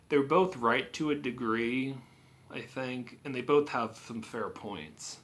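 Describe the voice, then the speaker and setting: A film reviewer gives a casual, rambling spoken movie review, full of "you know," "like," filler words, and restarts. His voice is mid-range with a fairly bright tone.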